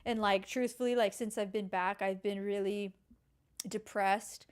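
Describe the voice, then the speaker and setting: A young woman co-hosting a podcast in a casual, animated chat, full of filler words. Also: mid-range voice, a little slow, clear, resonant tone. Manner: animated, chatty, heavy use of filler "like". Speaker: podcast co-host.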